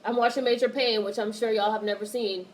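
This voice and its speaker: A woman's voice: on the high side, steady tone, fairly quick, slight background noise, low-quality recording. A woman livestreaming casual commentary and reading viewer chat, talking bluntly and animatedly with plenty of profanity.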